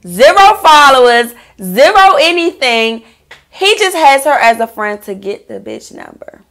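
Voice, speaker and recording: A woman with a high voice tells a personal story in a casual vlog. She is animated and profane, and she addresses her viewers directly as if gossiping with a friend. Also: measured pace. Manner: animated, profane, talks straight to viewers as "girl"; bursts into laughter mid-story. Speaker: vlogger telling a personal story.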